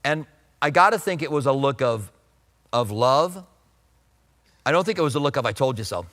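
A man's voice: on the high side, animated, moderate pace, a bit bright, in a large hall. A man preaching a sermon in a conversational way, acting out the voices he quotes. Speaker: pastor.

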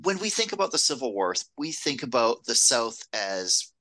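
A man's voice: medium pitch, very animated, normal speed, pushed and bright, rough recording. A man co-hosting a film podcast, laughing easily, drifting into tangents and restarting his sentences. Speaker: podcast co-host. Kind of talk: casual film discussion.

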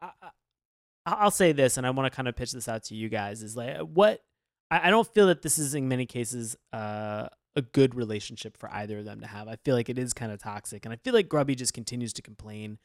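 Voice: mid-range voice, lively intonation, brisk, no echo, studio quality. A podcast co-host in casual chat about a cartoon, telling it animatedly and swearing freely.

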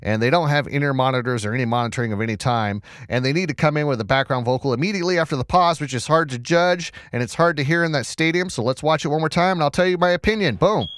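A man's voice: fairly high pitch, quick pace, few pauses, a bit bright, smooth, dry recording, studio quality. A man hosting a casual news commentary show, chatty and sarcastic, often restarting words and reading from the screen.

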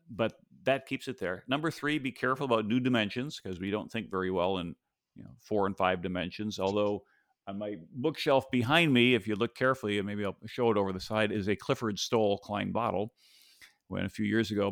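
A man's voice: fairly low pitch, vocal fry, no room sound, studio quality. A man hosting a podcast, talking thoughtfully and rambling a little, with fillers and restarts, over a video call from a home office. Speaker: podcast host. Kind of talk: casual conversational discussion.

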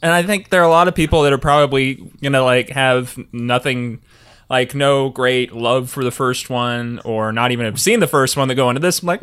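A man's voice: mid-range voice, moderate pace, a bit bright, smooth. A man co-hosting a podcast in casual film review chat, making his case in a thoughtful way. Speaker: podcast co-host.

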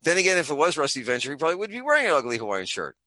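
A man's voice: a little high, huge pitch swings, very fast, bright, forceful tone. A middle-aged man, a guest on a podcast, telling jokey stories and drifting off on tangents. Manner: jokey, goes off on tangents, puts on voices in anecdotes. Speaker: podcast guest, comic creator. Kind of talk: rambling comic storytelling. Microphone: remote call, camera off.

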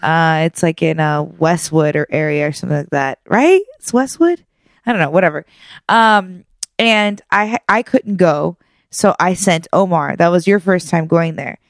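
A woman in casual chat, telling a lively story, laughing often and acting out the voices of the people in it. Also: on the low side, normal speed, no room sound, studio quality.

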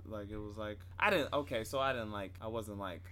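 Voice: mid-range voice, brisk, fairly bright tone, a little hiss or hum. Rambling, hesitant podcast co-host. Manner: rambling, hesitant, full of restarts. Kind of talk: casual chat.

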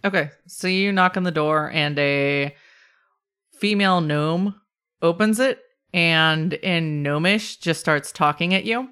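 A woman narrating as game master of a tabletop game, relaxed and quick to laugh. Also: lowish voice, clear, resonant tone.

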